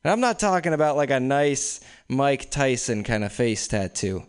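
A young man in his twenties telling casual, deadpan stand-up stories at an open mic. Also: mid-range voice, normal speed, smooth. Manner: casual, deadpan storytelling with frequent laughs. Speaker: stand-up comedian. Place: small room with few people. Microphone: stage microphone.

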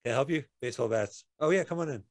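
A man's voice: mid-range voice, animated, racing, dry recording, studio quality. A man co-hosting a radio show, reacting casually while watching a movie. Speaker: radio co-host. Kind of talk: casual movie commentary chat.

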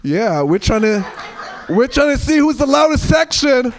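A man's voice: extremely high pitch, sing-song, normal speed, a little hiss or hum, voice pushed up. A man voicing a male arena announcer with an announcer-style hype delivery. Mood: hyped.

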